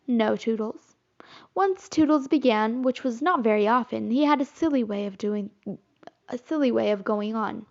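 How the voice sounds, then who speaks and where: A woman narrating a children's classic as an audiobook, in expressive storytelling. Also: a little high, moderate pace. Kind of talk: audiobook reading. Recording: slightly muffled recording.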